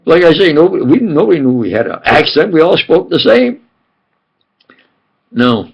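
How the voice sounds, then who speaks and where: A man's voice: fairly high pitch, very animated, normal speed, creaky, husky, dull audio. An older man from New York with a New York accent, rambling emphatically and repeating himself in a home monologue. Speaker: self-styled scientist and preacher.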